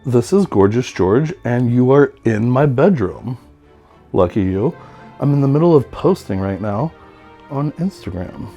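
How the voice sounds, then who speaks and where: A man in his thirties from California hosts a tour of his home in a campy, theatrical way, often speaking of himself in the third person. He talks at a middle pitch, with faint music playing underneath. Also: lively intonation, measured pace, dark tone. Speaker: tattoo artist. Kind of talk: playful self-promoting home tour.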